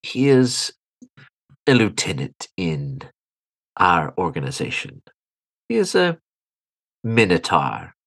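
A man's voice: sits low, huge pitch swings, slow pace, creaky, pauses often, fairly bright tone, dry recording, heavily acted. A man voicing a captured male cultist who gives grudging, evasive answers in a tabletop game.

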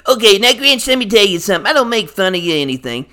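A man voicing a teasing, chuckling older male church deacon who rambles through stories in a lowered voice. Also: sing-song, racing, sharp tone, exaggerated voice.

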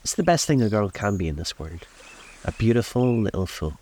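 A man's voice: on the low side, big pitch swings, a little fast, darkish tone, slight background noise. A man voicing a brittle, airy young socialite woman in a theatrical, scornful way. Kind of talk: audiobook reading.

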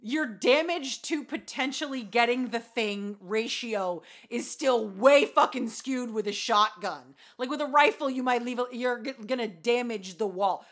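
A woman co-hosting a podcast in casual chat, animated and swearing freely as she rants. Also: fairly high pitch. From rural farm community. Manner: animated, swears a lot, ranting. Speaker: podcast co-host.

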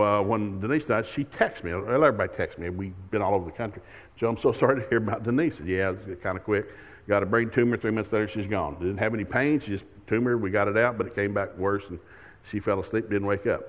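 An older man, a guest preacher telling a folksy, joking story in a sermon and acting out both sides of conversations. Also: fairly low pitch. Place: church sanctuary. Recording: reverberant church hall.

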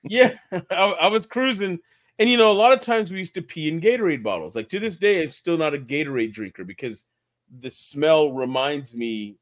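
A man's voice: a little high, lively intonation, moderate pace. A man co-hosting a casual podcast, telling a long rambling story with restarts and laughs. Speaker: podcast co-host.

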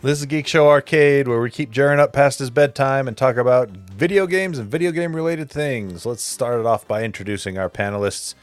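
A man's voice: medium pitch, a little fast, hardly any pauses, no echo. A man hosting a casual gaming podcast. He jokes around and laughs often. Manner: laughs often, lively and joking. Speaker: podcast host.

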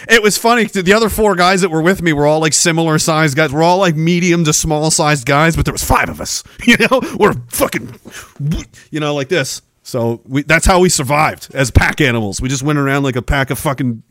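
A Canadian man in his forties, a podcast host telling wild stories in a profane, animated way, laughing often. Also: fairly high pitch, normal speed, no echo, clean studio sound. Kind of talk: casual storytelling.

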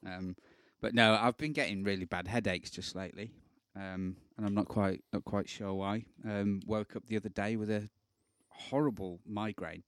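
A man's voice: on the low side, steady tone, normal speed, few pauses, a bit bright, no echo. A man co-hosting a podcast, joking and rambling in casual banter and laughing often. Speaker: podcast co-host.

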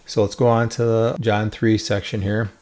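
A man with a fairly low voice teaches through Bible passages step by step. He keeps it conversational and informal, often tagging his points with a quick "right?" to keep listeners following. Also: flat delivery, a little mellow.

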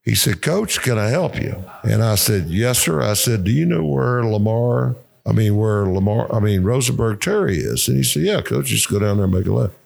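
A man's voice: lowish voice, animated, normal speed, creaky, few pauses, a little mellow. An older man telling profane, laughing coaching stories in casual conversation. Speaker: retired football coach, guest. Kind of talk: casual storytelling.

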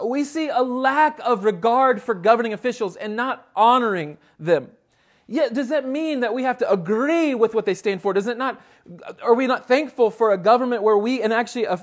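High-voiced earnest male preacher. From United States. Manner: earnest, emphatic preaching with frequent restarts. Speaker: pastor. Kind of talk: sermon.

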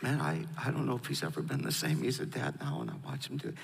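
A man's voice: medium pitch, sing-song, quick pace, vocal fry, in a large hall, slight background noise. A middle-aged pastor telling personal stories as an interview guest, emotional and hesitant, often restarting his sentences.

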